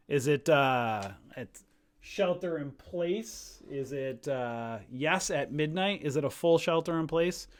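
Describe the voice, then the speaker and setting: A man's voice: fairly high pitch, slow. A man casually hosting a live stock-trading stream, chatty and jokey, rambling as he talks.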